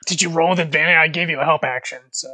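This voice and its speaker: Husky-voiced man, bright and eager. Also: a little high, fairly even intonation, rapid-fire, dry recording, rough recording. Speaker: player. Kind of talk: tabletop game play.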